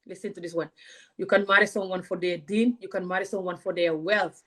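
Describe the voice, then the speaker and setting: In a direct-to-camera rant, a woman vlogger sounds heated and passionate, confronting viewers with question after rhetorical question. She has a lowish, fairly bright voice, keeps her intonation fairly even, and talks a little fast.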